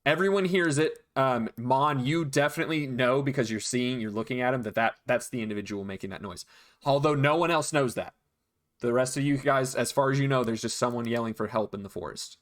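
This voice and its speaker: A man narrating as game master of a tabletop game, describing scenes with frequent pauses and restarts. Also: medium pitch, fairly bright tone.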